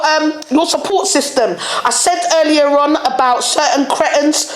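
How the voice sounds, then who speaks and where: A young woman hosting a solo podcast, animated and direct, laughing often and using plenty of slang. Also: high-pitched, slow, roomy sound, a little hiss or hum. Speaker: podcast host. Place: studio room.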